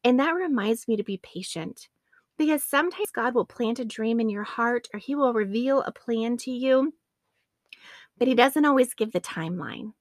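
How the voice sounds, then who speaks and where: A woman's voice: fairly high pitch, animated, normal speed, dry recording, clean studio sound. A woman in her late thirties hosting a faith podcast, earnest and addressing her listeners as friends. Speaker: podcast host.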